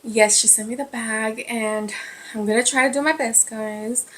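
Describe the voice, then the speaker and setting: Excitable lady vlogger, talks kinda high, keeps saying guys, casual chatty. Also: normal speed. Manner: excitable, says "guys" constantly. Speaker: craft vlogger. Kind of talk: casual chat to camera.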